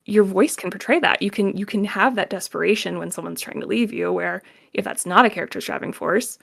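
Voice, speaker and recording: A woman's voice: mid-range voice, brisk, vocal fry, fairly bright tone. A woman voice actor chatting casually as a guest in an interview, laughing often and filling her talk with "like".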